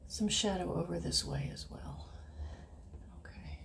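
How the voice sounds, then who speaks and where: A woman giving a casual watercolor painting tutorial, chatting and thinking aloud, and often dropping into soft murmurs as she paints. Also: on the low side, moderate pace, creaky, a little hiss or hum. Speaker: watercolor instructor.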